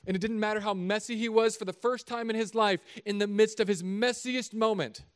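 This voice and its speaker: A middle-aged man, a pastor, preaching a sermon in an animated, conversational, joking way. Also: high voice, brisk, smooth.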